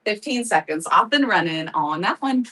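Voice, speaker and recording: A woman's voice: medium pitch, lively intonation, moderate pace, sharp tone, slightly rough, distant mic, rough recording. A woman hosting a live craft sale, chatting casually, laughing often and thanking viewers by name. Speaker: live-selling crafts host. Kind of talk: casual livestream chat.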